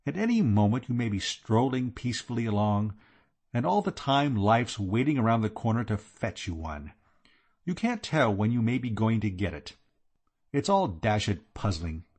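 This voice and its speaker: A man reading an audiobook with lively, chatty storytelling. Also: fairly low pitch, normal speed. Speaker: audiobook narrator. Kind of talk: scripted narration.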